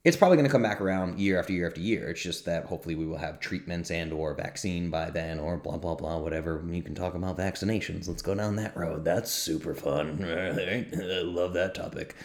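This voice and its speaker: A man with a fairly low voice hosts his own podcast from a home setup. He talks in a loose, rambling, upbeat way and keeps poking fun at himself. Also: darkish tone. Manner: upbeat, rambling, self-mocking with quick asides. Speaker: podcast host. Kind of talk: casual solo podcast talk. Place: home studio.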